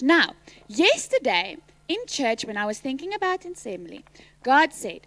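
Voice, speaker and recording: High, bright-voiced teacher. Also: female voice, a little slow, dry recording. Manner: animated, teasing, quizzing the pupils, calling out loudly at times. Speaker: teacher leading a school assembly. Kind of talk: school assembly address. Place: school assembly. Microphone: microphone.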